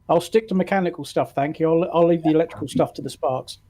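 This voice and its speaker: A man with a slightly higher voice chats in a wry, dry-humored way. He drops deadpan asides between his points. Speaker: call-in guest. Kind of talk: casual group chat.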